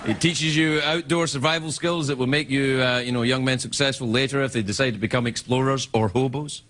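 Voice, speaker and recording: Playful Scottish talk-show host. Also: male voice, mid-range voice, fairly even intonation, a little fast, noisy background. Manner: playful, mock-indignant, laughing. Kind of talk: comedy monologue and banter.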